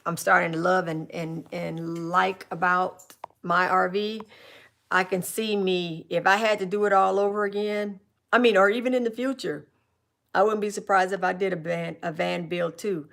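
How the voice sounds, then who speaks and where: A woman's voice: fairly low pitch, fairly even intonation, normal speed, creaky, fairly bright tone. Chatty, rambling woman on a live stream. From California. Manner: chatty, rambling, with restarts and asides. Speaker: livestream host answering viewer questions. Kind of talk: casual live chat.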